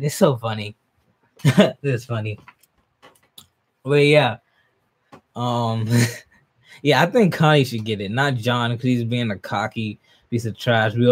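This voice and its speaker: A man's voice: moderate pace, long pauses. A young man live-streaming a manga reaction, reading aloud, laughing often and talking to his chat. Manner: excitable, laughs often, jumps up in pitch when hyped.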